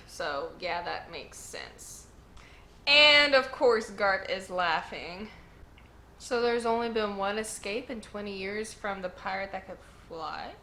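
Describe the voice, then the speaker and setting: A woman hosting a casual manga read-along, chatty and excitable, reacting to each chapter. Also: mid-range voice. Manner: chatty and excitable, lots of "like" and "y'all".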